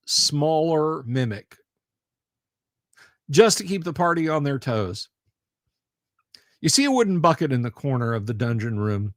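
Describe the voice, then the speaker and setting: Brief: male stream host, mid-pitched, joking and rambling, dry close mic. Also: no echo. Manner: rambling, jokey, laughs often. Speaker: livestream host. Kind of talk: casual chat.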